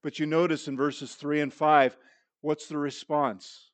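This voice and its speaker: A man's voice: a little high, level tone, measured pace, clear, resonant tone, no room sound. Man, pastor, sermon, earnest teaching, rhetorical questions, repeated restarts, dry close sound. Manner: repeats words when restarting. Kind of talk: expository sermon.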